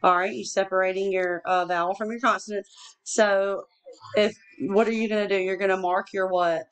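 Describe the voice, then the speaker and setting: A woman's voice: mid-range voice, steady tone, normal speed, smooth. Patient woman teaching a reading lesson. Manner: patient, prompting with questions and praise.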